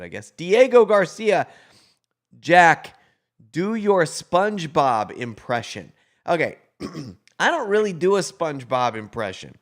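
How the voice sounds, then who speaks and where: Easygoing middle-aged man rambling on a livestream. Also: mid-range voice. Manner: rambling, easygoing, joking asides. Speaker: prankster hosting a livestream. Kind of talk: casual livestream chat, reading viewer comments.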